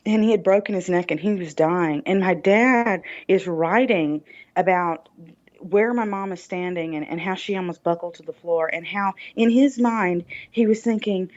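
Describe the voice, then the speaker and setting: A woman recounts her own story as a podcast guest, earnest and full of fillers and restarts. Her voice sits on the low side, and the recording is dull and lo-fi. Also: normal speed, a little mellow. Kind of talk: personal testimony in a podcast interview.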